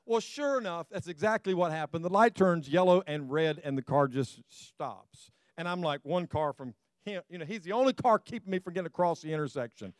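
A man's voice: a little high, expressive, a little fast, hardly any pauses, clear, resonant tone, no echo, clean studio sound. A middle-aged man preaching a sermon to his congregation, telling stories with self-deprecating humor and speaking to them directly. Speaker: pastor.

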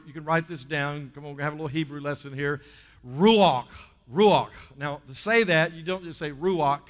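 A man's voice: a little high, bright, forceful tone. A man with a Southern US accent preaching a sermon, emphatic, stretching key words and calling on the congregation to respond. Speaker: pastor. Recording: reverberant hall sound.

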